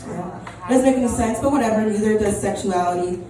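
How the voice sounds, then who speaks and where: Fairly quick and warm, a young woman's mid-range voice carries an open mic stand-up set at a small comedy club. As a comedian she rambles, puts herself down, and restarts with many ums; the distant mic catches echo and room noise.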